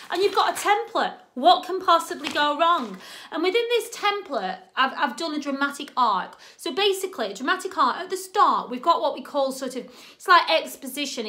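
Brief: woman, drama teacher, high bright voice, chatty and animated. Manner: chatty, animated, checks in with "okay?". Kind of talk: instructional talk.

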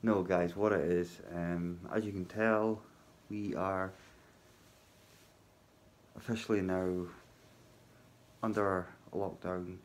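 A man talking casually to his viewers from his hotel workplace at night, halting and full of ums, with a wry sense of humour. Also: low voice, little pitch movement. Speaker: vlogger. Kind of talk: casual spoken vlog.

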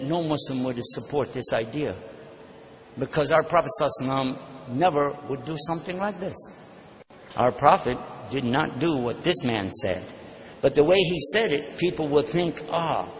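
A man giving an animated religious lecture, telling personal stories and acting out the dialogue. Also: fairly high pitch. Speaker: Islamic speaker. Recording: long hall reverb, faint background noise.

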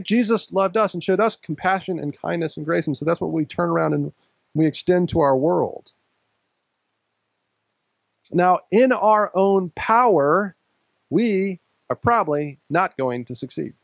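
A man's voice: high-pitched, expressive, unhurried, creaky, long pauses, no echo, poor audio. Conversational male pastor preaching. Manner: conversational preaching with light laughter. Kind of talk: sermon.

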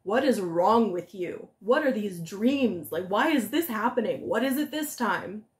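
A woman voicing a hot-tempered male devil who demands answers gruffly, in a storybook telling. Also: mid-range voice, lively intonation, a little slow, natural voice. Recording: echoey room.

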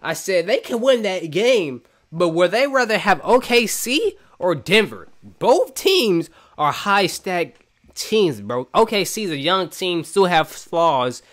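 A man reacting to basketball clips, animated and incredulous, saying "bro" at the end of many lines. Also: high-pitched, slow pace. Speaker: reaction streamer. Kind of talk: excited sports reaction commentary.

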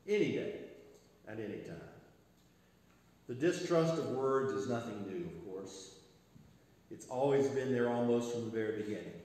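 A male pastor delivering a sermon with rhythmic repetition and phrase ends that trail off quietly. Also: mid-range voice, lively intonation, normal speed. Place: church sanctuary. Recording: echoey church sanctuary with long reverb.

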